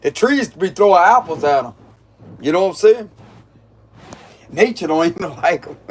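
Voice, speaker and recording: A man's voice: on the high side, sing-song, measured pace, slight background noise. A man giving a casual, mocking tarot reading, full of slang and frequent laughter. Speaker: tarot reader.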